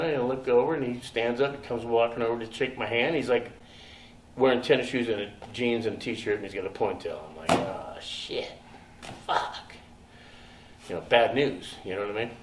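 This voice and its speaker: A man being interviewed about his acting past, telling stories in a profane, animated way and laughing often. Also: medium pitch, quick pace. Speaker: interviewed actor. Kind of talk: casual storytelling interview. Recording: echoey room, distant mic, faint noise.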